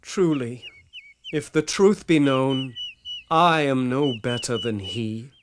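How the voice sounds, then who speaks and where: Actor doing a burdened pilgrim guy in a radio play, earnest and humble, talks real slow in old timey english, slight hiss. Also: medium pitch, animated. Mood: contrite. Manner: earnest, pleading, old-fashioned formal speech. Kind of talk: radio drama acting in archaic English.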